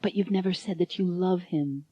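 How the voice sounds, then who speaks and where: Woman playing a cheeky young guy, lowered voice, quiet and close, dry. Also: moderate pace, slightly rough, no echo, muffled recording. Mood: soft. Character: young male troublemaker, cocky, smooth.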